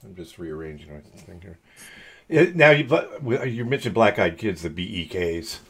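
A man's voice: fairly low pitch, big pitch swings, normal speed, husky. A man with a Californian accent, hosting a podcast in a loose, joking, rambling way. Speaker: podcast host.

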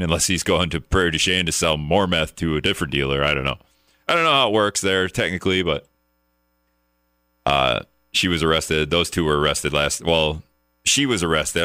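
A man's voice: rumbling low, pushed and bright, smooth, no room sound, clean studio sound. A man from the hosting a call-in talk radio show, joking and rambling, often laughing at his own asides.

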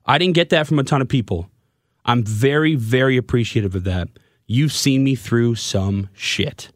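A young man in his twenties hosts a candid podcast chat, stumbling over his words and turning openly emotional as he speaks. His voice sits at an ordinary middle pitch. The sound is close and dry. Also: dry recording. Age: 20s. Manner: halting, stammering and openly emotional. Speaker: podcast host and radio broadcaster.

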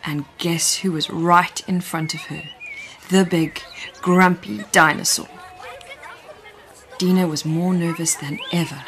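A woman reading a children's story aloud in a gentle, expressive way. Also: fairly low pitch, takes it slowly, pauses often, a faint crowd, slight background noise.

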